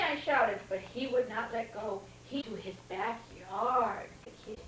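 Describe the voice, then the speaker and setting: An older woman reads a storybook to a little child in a fairly high voice, pausing to comment and quiz him. It sounds like an old VHS home video, with echoey room sound and a faint hiss. The camcorder sits some way off from her. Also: a bit bright, distant mic. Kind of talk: reading a storybook aloud to a child. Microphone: camcorder mic across the room.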